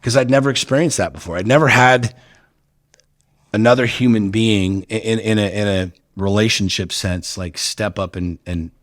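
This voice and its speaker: A man's voice: lowish voice, moderate pace, no room sound, studio quality. A man guest on a podcast telling personal stories bluntly, with lots of swearing and repeated words. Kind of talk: candid personal storytelling.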